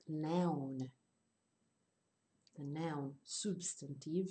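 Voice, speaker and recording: A woman teaching English in an online class, explaining slowly and rephrasing her points. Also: sits low, warm tone.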